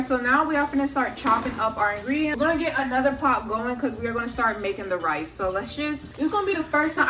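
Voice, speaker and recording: A young woman vlogs herself cooking in her home kitchen, narrating every step in a chatty, jokey way full of swearing. Her voice is fairly high, and the low-quality audio comes from a phone left on a charger away from the stove.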